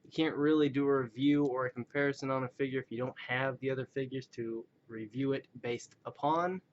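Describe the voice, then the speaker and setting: A man's voice: medium pitch, steady tone, brisk, slight background noise. A man rambling casually through a webcam video reviewing toys, self-deprecating and slipping into joke voices. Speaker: action figure collector reviewing toys. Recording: dull lo-fi recording.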